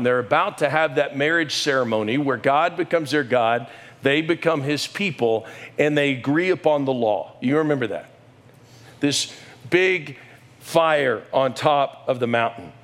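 A middle-aged man, a pastor and coach, preaching a sermon with animated storytelling and sudden raised exclamations. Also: medium pitch. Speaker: pastor and high school coach.

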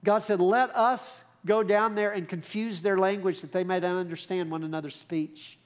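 High-voiced animated preacher man. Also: moderate pace. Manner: animated, conversational preaching with asides to the congregation. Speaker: pastor. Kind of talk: sermon.

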